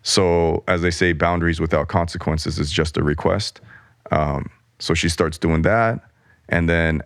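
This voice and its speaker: Speaking in a deep voice with fairly even intonation, measured pacing and vocal fry, this middle-aged artist shares a frank personal story as an interview podcast guest. He digresses, cuts himself off and imitates the people in it. The recording is dry, with clean studio sound.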